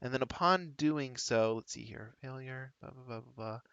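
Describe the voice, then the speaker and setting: A man narrating a tabletop game as its dungeon master, his voice bright and forward. He pauses often with ums and uhs. The recording is dry and slightly dull. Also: medium pitch, smooth, no room sound. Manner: halting, full of ums and uhs, counts moves aloud.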